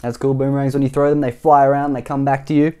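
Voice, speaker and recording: A man's voice: mid-range voice, level tone, quick pace, a little mellow, clean tone. A man from Australia, reading a children's storybook aloud and adding playful chatty asides to listeners. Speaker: storybook reader.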